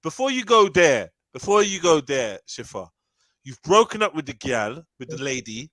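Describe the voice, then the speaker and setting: A man's voice: fairly high pitch, big pitch swings, moderate pace, fairly bright tone. A man hosting a live panel podcast, teasing and bantering with slang. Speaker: podcast host.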